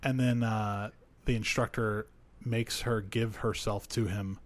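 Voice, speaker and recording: A man's voice: on the low side, steady tone, a little slow. Guy on a podcast trashing a movie, rambly, swears a lot, tons of "like". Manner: rambling, profane, many fillers, laughs often. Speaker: podcast co-host reviewing a film. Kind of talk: casual chat.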